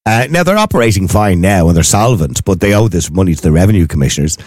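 A man's voice: low-pitched, sing-song, fast, darkish tone, dry recording, studio quality. An Irish man co-hosting a casual chat, asking questions and chatting wryly. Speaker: podcast co-host.

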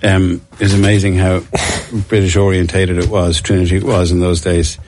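A man's voice: low-pitched, little pitch movement, moderate pace, a little mellow, slight background noise. A middle-aged man, telling rambling, self-mocking stories as an interview guest and laughing often. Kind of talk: casual anecdotal interview.

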